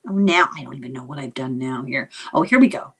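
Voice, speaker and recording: An older woman with an Irish accent chats easily, her pitch rising and falling with plenty of life. She's sympathetic and sometimes loses her train of thought mid-sentence. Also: quick pace, breathy edge. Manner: animated, sympathetic, trails off while searching her knitting. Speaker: co-host. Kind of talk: casual chat.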